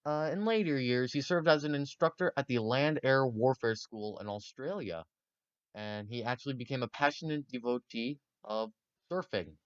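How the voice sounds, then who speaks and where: A man's voice: medium pitch, normal speed, clean tone, no room sound, highs cut off. A man casually narrating history for a video, rambling and joking with many fillers.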